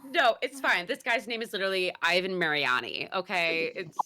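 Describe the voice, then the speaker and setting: A young woman guest host in casual podcast chat, animated and quick to laugh, sometimes searching for words. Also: fairly low pitch. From Italian-American heritage.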